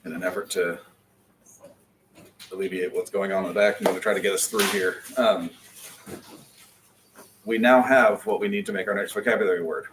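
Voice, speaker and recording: A man's voice: sits low, steady tone, fairly quick, pauses often, background noise. A man teaching a beginners' language class in a classroom, patiently coaching pronunciation. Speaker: Hebrew teacher. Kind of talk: classroom lesson.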